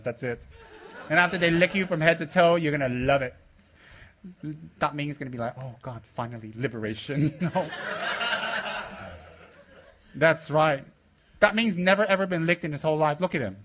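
Bright-voiced teasing male teacher. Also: fairly high pitch, a little hiss or hum. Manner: joking and playfully rude, laughing often, bursts of loud excitement; coaxing, asks the room questions. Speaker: spiritual teacher addressing his students. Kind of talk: teasing, rambling talk to a group.

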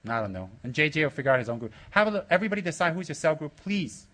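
A spiritual teacher talks very fast to his students in a fairly high, bright and forceful voice. The talk is loose and teasing: he jokes, is playfully rude, laughs often, has bursts of loud excitement and coaxes the room with questions.

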